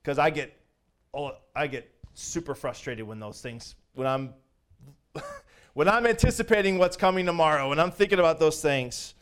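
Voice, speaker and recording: A male pastor preaching a sermon, lively and swinging between loud declarations and hushed, soft asides, with frequent chuckles. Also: on the high side, normal speed, smooth.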